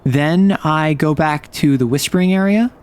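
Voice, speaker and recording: A man's voice: fairly high pitch, moderate pace, clean tone. A man streaming a game and talking through it in a playful, chatty way, reacting to everything with big, exaggerated responses. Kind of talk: casual game commentary.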